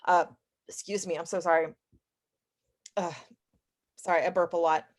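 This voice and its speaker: A young adult woman chatting as a podcast guest, opinionated and talkative, with quick asides and self-corrections. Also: lowish voice, flat delivery. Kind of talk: casual interview chat.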